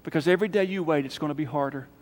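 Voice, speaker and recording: High-voiced emphatic preacher in echoing church. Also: male voice, rapid-fire. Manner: emphatic, rising to loud calls then dropping soft for prayer. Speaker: pastor. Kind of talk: sermon. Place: church sanctuary. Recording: church hall reverb.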